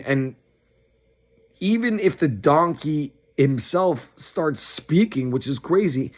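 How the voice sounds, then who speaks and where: A man giving a short, upbeat weekly Torah talk, telling the story with lively acted-out quotes. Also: medium pitch, husky. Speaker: Torah teacher.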